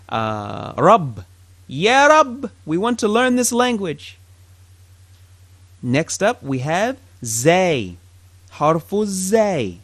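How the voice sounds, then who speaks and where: A man's voice: a little high, a bit bright, no echo. A man teaching a language lesson, patiently drilling each sound and asking the listener to repeat after him. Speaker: Arabic teacher.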